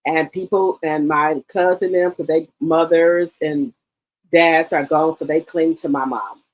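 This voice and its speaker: A middle-aged woman hosting a livestream, chatting in a casual, animated storytelling way and calling her listeners baby and girl. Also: deep voice, a little slow, rough recording. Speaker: livestream host.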